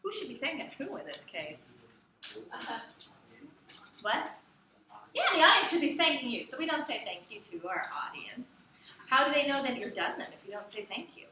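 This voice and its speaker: A woman teaching a class, talking in a chatty, animated way and often asking the students questions. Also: sits high, normal speed, long pauses. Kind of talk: classroom lecture. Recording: echoey classroom from far off, with background noise.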